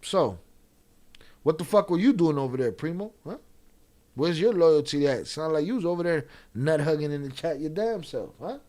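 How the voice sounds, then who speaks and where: A man's voice: fairly high pitch, lively intonation, moderate pace, mellow. A man hosting a live stream, casually commenting and reading chat aloud in a blunt, profane way. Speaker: live-stream reaction host.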